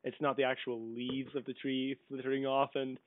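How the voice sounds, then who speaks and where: A man's voice: mid-range voice, completely flat delivery, normal speed, dry recording. A man co-hosting a casual chat, dropping dry joking asides. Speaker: podcast co-host. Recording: dry, tinny phone-like sound.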